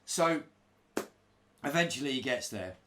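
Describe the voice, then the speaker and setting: A man's voice: mid-range voice, a little slow, a little hiss or hum. A middle-aged man casually telling a road-trip anecdote, acting out other people's voices. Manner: animated, acts out broken-English voices of others. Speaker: storyteller recalling touring life.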